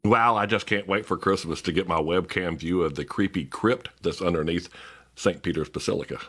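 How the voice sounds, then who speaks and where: A man narrating an explainer video in a steady, informative way, with wry sarcastic asides. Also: deep voice, brisk.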